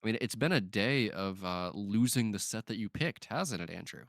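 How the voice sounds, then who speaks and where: A man calling live esports play-by-play, fluent and building excitement on big plays. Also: lowish voice, normal speed, creaky, no echo, clean studio sound.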